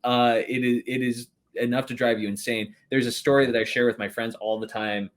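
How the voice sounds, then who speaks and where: A man's voice: medium pitch, flat delivery, a little fast. A young man telling stories as a podcast guest in a rambling, casual way, swearing often and laughing between words. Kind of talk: casual storytelling chat.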